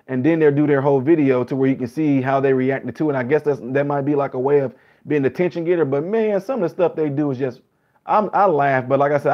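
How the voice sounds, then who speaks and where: A man chatting to his viewers in a relaxed reaction vlog, his voice sitting a little high for a man. He keeps it loose and conversational and talks to the audience directly. The recording sounds dull and lo-fi. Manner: chatty, loose, addresses viewers as y'all and guys. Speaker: vlogger and musician. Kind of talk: casual reaction vlog commentary.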